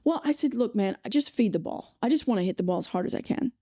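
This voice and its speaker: A woman host tells an anecdote in a chatty, enthusiastic way, full of quick asides. Her voice is a bit high and mellow. The sound is dry and close. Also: lively intonation, dry recording. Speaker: podcast host. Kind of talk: casual conversational storytelling.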